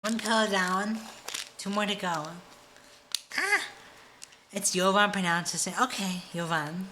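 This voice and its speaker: A woman's voice: mid-range voice, slow, background noise. Tipsy, giggly woman streamer. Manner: giggly, rambling. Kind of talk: casual live-stream chat.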